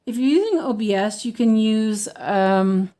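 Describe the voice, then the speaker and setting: Female crafter on a casual livestream; unhurried, meandering delivery with slight lisp. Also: mid-range voice, mellow. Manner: rambling, many fillers and restarts. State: slightly lispy from medicine. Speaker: cross-stitch livestreamer. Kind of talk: casual livestream chat while stitching.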